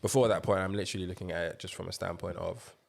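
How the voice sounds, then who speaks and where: A man co-hosting a podcast, in a conversational, measured chat. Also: low voice, fairly even intonation, vocal fry. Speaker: podcast co-host. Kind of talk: casual chat.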